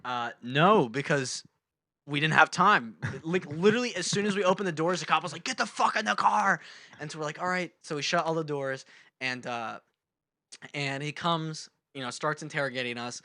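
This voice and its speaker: A young man with a bright, forceful voice, a bit high for a man, spins a story on a casual podcast. He acts out every shout he quotes. The sound is dry and close. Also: moderate pace, no echo. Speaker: podcast co-host.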